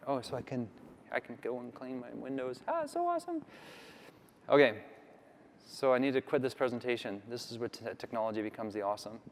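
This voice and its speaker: Chatty Canadian man in a hall. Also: medium pitch. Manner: chatty, rambling, filler-heavy. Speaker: conference speaker. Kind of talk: casual live tech talk with demo. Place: large conference hall. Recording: long reverb of a big hall.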